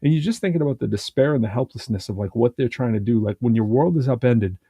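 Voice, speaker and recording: Rambling, mellow-voiced man chatting on a podcast. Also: mid-range voice, quick pace, husky, no room sound. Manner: rambling, animated retelling with many fillers and restarts. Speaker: podcast co-host. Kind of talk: casual conversational chat.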